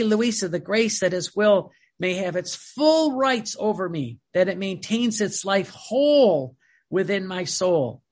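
A man preaching a sermon, reading devotional passages aloud and commenting on them in an earnest, emphatic way that swings between loud and soft. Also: high-pitched.

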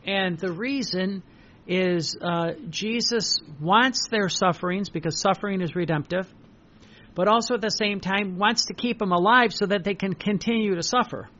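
High-voiced older priest preaching haltingly. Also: male voice, fairly bright tone. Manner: halting, repeats words, many fillers. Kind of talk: preaching with personal stories. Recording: dull lo-fi recording.

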